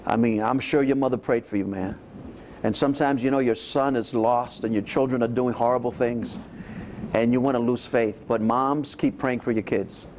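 A man's voice: medium pitch, steady tone, moderate pace, a little mellow, slight background noise. Ask for a male pastor preaching encouragement. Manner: affirming, preacherly exhortation. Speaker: pastor host. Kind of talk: religious interview.

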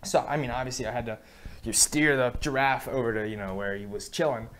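A young man performing a comedy sketch, rambling through a story in a slangy, excitable way. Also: mid-range voice, brisk.

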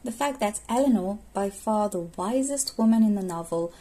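A woman's voice: mid-range voice, animated, moderate pace, warm tone, breathy edge. A young woman with English as a second language presenting a scripted talk on literature, earnest and explanatory. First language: not English.

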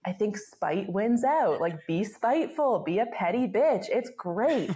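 Young canadian woman chatting on a podcast, laughs a lot, says like constantly, mid pitch. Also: expressive, unhurried, warm tone. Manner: chatty, self-deprecating, laughs often, lots of "like". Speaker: guest, travel blogger. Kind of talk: casual podcast interview.

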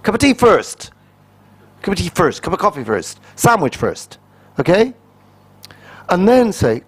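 A man's voice: on the high side, wildly swooping pitch, unhurried, pauses often. A man, a pastor, preaching a sermon in a conversational and humorous way, acting out little quoted exchanges.

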